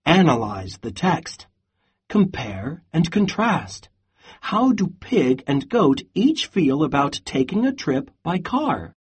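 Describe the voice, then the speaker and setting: Slow reading-lesson narrator, husky voice, lively ups and downs. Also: mid-range voice. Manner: slow, clear instructional reading. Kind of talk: storybook read-aloud with reading prompts.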